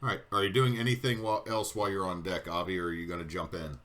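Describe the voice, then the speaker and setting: A man's voice: sits low, flat delivery, fast, a bit bright. A man narrating a tabletop game as game master over online voice chat, chatty and prone to digressions.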